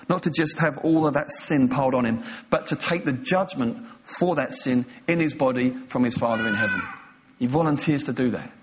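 A man preaching a sermon with passion and emphasis, retelling scenes and pressing his points home. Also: mid-range voice. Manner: impassioned, emphatic, acting out scenes in quoted voices.

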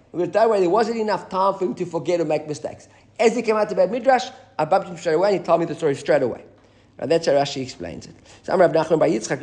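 A high-pitched man leads a live class on the Talmud. He reads Aramaic passages aloud and explains them in English, with spirited asides along the way.

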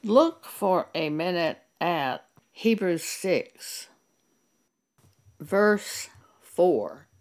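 An older woman giving a sermon, reading scripture and speaking in a slow, deliberate, firm and emphatic way. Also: on the low side, animated, darkish tone. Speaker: Bible teacher.

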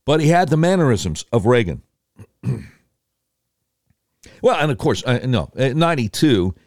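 A man telling political history in an animated way, breaking into quick impressions of voters and politicians. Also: on the low side, no room sound, clean studio sound.

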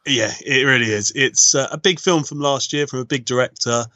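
Bright-voiced man reviewing films. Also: mid-range voice, a little fast, no room sound. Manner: relaxed, reads reviews aloud with hesitations. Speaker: co-host, film reviewer. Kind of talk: casual podcast chat.

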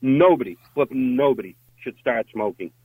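A man's voice: mid-range voice, lively intonation, normal speed, slightly rough, no echo, phone-quality sound. An Irish man in his fifties hosting a talk radio debate, blunt and emphatic, swearing now and then. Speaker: radio host.

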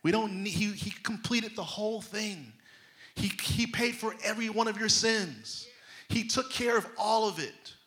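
A man's voice: high voice, a little slow, pushed and bright. A man preaching a sermon, emphatic and conversational, with a folksy manner of speaking to his congregation. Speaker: pastor.

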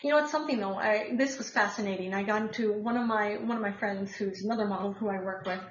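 A woman's voice: mid-range voice, quick pace, echoey room, highs cut off. An American woman hosting a casual podcast, chatting about the news in a rambling way with many filler words. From United States. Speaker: podcast host.

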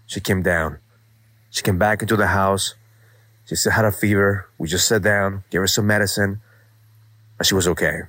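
A man's voice: fairly low pitch, a bit bright, dry recording. A man in his forties hosting a daily motivational show, telling a personal story and urging listeners on in an earnest, emphatic way, with some swearing. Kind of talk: motivational monologue.

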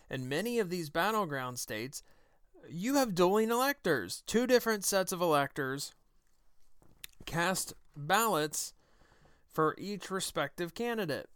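A man's voice: sits high, fairly bright tone, smooth, no room sound, studio quality. A man hosting his own podcast, delivering a combative, sarcastic political commentary monologue. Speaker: podcast host.

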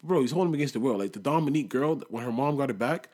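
A young man in casual chat, talking with lively swings between loud bursts and low mutters, full of street slang. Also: rapid-fire.

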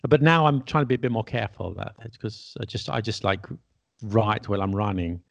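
This English teacher and podcast host talks in a lowish, creaky voice at a slightly quick pace, often laughing as he pokes fun at his own slip-ups in relaxed conversation. The sound is dry and lo-fi.

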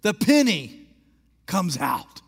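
A male pastor from Alaska telling a story in a sermon. He is animated and asks the congregation questions. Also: sits high, takes it slowly, gravelly, breathy edge. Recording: long hall reverb.

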